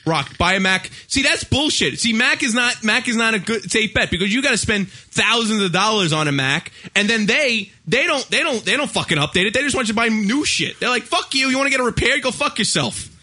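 A man's voice: sits high, animated, a little fast, hardly any pauses, pushed and bright. A man hosting a talk show, ranting in a profane, exasperated way and acting out the people he quotes. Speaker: radio show host. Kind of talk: ranting casual chat.

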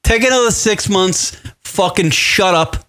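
A man's voice: high voice, measured pace, clean tone. A man hosting a radio talk show, chatting casually, rambling and swearing a lot. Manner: rambling, swearing often, animated. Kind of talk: casual chat.

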